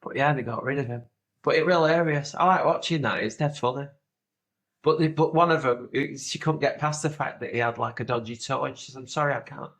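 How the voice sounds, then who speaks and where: A man's voice: medium pitch, brisk, fairly bright tone. Rambling man telling stories. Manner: rambling storyteller, swears freely, does silly voices. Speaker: podcast co-host. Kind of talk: casual comedic chat.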